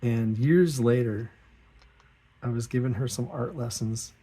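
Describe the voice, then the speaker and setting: Drawing as he talks, this middle-aged art-channel host keeps up a relaxed, rambling, self-mocking chat with frequent chuckles. He speaks a little slowly in a husky voice and pitches up whenever he acts out someone else's words.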